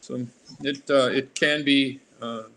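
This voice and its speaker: A man's voice: mid-range voice, fairly even intonation, slow, fairly bright tone. Rambling older man telling stories. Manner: rambling, drifts off on tangents. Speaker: artist guest. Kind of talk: casual interview conversation.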